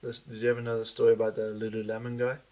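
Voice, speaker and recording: A man's voice: mid-range voice, monotone, rapid-fire, crowd noise. A man co-hosting a podcast, trading teasing comebacks in casual joking banter. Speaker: podcast co-host.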